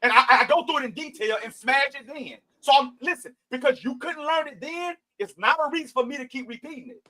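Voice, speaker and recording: A man with a very high, bright, forceful voice hosts a heated livestream Bible debate. He talks emphatically and bluntly, cutting people off and throwing in the odd curse. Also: fairly quick, poor audio. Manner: emphatic, interrupting, blunt and profane. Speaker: host.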